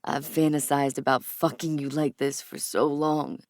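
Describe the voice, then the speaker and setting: A woman narrator voicing an adult man as a lover, speaking low, slow and murmured. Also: flat delivery, darkish tone, no echo, studio quality. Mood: intimate.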